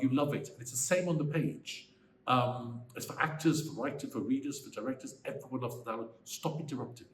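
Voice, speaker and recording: A Welsh man in his sixties, a screenwriter answering interview questions in an animated, emphatic way that turns into bursts of ranting. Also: medium pitch. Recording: roomy echo, faint background noise.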